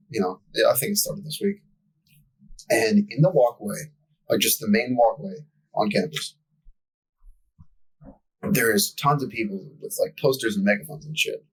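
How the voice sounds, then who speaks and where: A man's voice: lowish voice, rough recording. A young man telling a profane, exasperated story in casual podcast chat as co-host.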